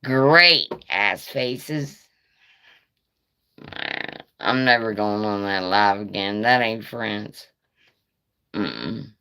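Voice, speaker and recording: A middle-aged woman rambles through a story on a live stream in a remarkably deep, low voice. She takes her time, drawling along slowly. She swears freely and drops laughing asides as she goes. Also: bright, forceful tone, clear, resonant tone.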